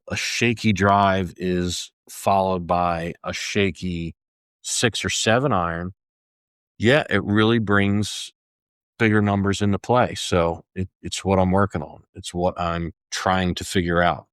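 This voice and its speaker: A man's voice: deep voice, fairly even intonation, measured pace, fairly bright tone, clean tone, no echo, clean studio sound. An older man hosting a solo podcast, talking in an easygoing, self-deprecating way. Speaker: podcast host.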